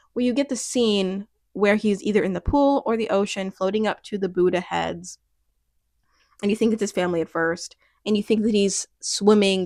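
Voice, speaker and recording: Young woman, casual rambling chat, lively and laughing, dry close-miked sound. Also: mid-range voice, dry recording. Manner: animated, rambling, laughs often, restarts. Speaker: youtuber reviewing a TV finale.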